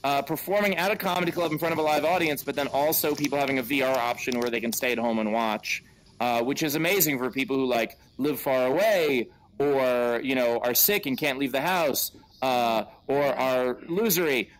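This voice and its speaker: A man's voice: medium pitch, a little hiss or hum. A man, a stand-up comedian hosting a show from home, bantering casually and profanely into a headset mic. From United States. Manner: profane, self-mocking, quick asides. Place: at home, in a virtual-reality venue.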